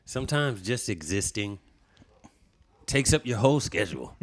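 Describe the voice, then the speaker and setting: A young man co-hosting a casual podcast, reacting with quick, hyped remarks. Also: fairly low pitch, very animated. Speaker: podcast co-host. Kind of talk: casual chat.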